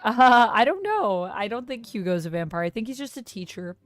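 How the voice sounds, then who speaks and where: A woman's voice: fairly high pitch, very animated, normal speed, no echo, soft background music. A young woman streaming a dating game, chatting casually, laughing often and reading the game text aloud. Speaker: streamer playing a dating sim. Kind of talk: casual live gameplay commentary.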